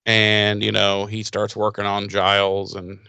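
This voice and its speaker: A man co-hosting a TV recap podcast, talking casually with sarcasm and profanity and acting out characters in quick voices. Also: on the low side, monotone, creaky, bright, forceful tone, clear, resonant tone, no echo. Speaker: podcast co-host.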